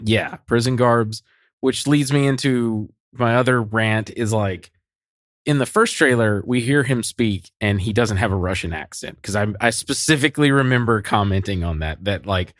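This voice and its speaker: A man's voice: on the low side, moderate pace, a bit bright, dry recording, clean studio sound. A man co-hosting a podcast, ranting cynically in casual chat, swearing and laughing often. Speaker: podcast co-host.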